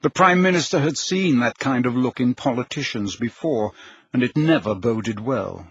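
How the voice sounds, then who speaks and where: A man narrating an audiobook in a measured, even storytelling manner. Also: medium pitch, husky, highs cut off. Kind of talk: scripted narration.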